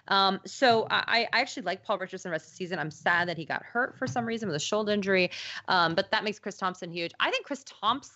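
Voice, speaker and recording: A woman co-hosting a fantasy football live stream in a bright, lively voice that swoops up and down. She talks casually and chattily. The sound is a little dull and lo-fi. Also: mid-range voice. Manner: chatty, laughs easily, reads ad copy quickly.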